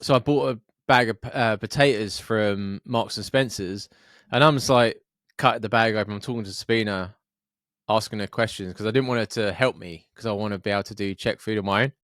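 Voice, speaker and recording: A Scottish man co-hosting a podcast, telling sweary, animated anecdotes in casual chat. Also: lowish voice, fairly quick, no echo, studio quality. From Scotland, Fife. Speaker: podcast co-host.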